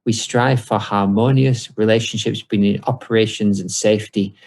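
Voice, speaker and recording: A man with a low, gravelly voice co-hosts a casual podcast. He delivers mock sponsor reads and dry banter in a chatty, joking way. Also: steady tone, normal speed, darkish tone. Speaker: podcast co-host.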